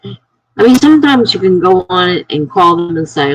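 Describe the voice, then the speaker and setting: A woman hosting a casual live stream from her apartment, telling long rambling stories to her viewers in an animated way. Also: on the low side, normal speed, no room sound, highs cut off.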